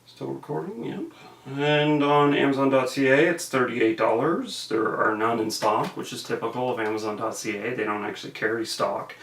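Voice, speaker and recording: A man's voice: mid-range voice, moderate pace, fairly bright tone. A man giving a casual, rambling film review to camera, offhand and profane. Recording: roomy echo.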